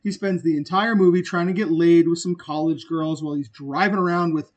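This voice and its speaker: A man's voice: fairly high pitch, steady tone, brisk. A man co-hosting a podcast, chatting casually and bluntly about bad movie performances, with enthusiastic, profane outbursts. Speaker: podcast co-host. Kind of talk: casual movie-review chat.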